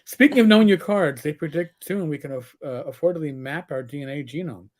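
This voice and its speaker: A man's voice: a little high, a little fast. A middle-aged man, a former police officer co-hosting a livestream, telling blunt, profane stories in casual chat. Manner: blunt storyteller, swears freely.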